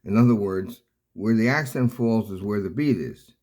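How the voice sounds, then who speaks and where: An older man teaching piano in a casual, rambling way, halting often with fillers and restarts. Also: on the low side. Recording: loud piano playing throughout.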